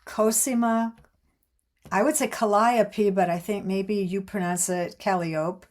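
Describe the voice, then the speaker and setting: A woman opening an online gathering with slow, thoughtful words and a reading, pausing and restarting as she speaks over a video call. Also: medium pitch, darkish tone. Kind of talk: reflective reading and introduction.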